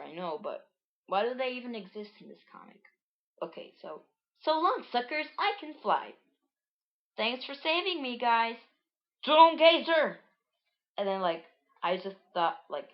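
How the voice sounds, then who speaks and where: Woman, lowish voice, casual rambling read of her own old comic, muffled lo-fi home mic. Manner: rambling, filler-heavy, lots of "like". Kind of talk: casual storytelling read-through.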